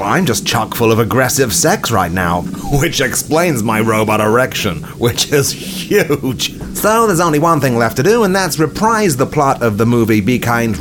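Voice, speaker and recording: A man playing a crude male robot co-host, talking deadpan and making dirty jokes. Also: medium pitch, noisy background, natural voice.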